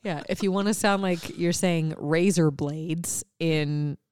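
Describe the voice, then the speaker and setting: Woman, young adult, podcast co-host, casual, joking, lowish pitch. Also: darkish tone, clear, resonant tone, no room sound, clean studio sound. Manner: laughing, joking, quick asides. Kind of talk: casual news chat.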